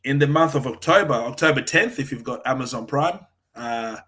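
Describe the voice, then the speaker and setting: A man with an Australian accent, a guest in a casual interview chat, friendly and quick to agree with the host. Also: mid-range voice, pushed and bright. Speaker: podcast guest.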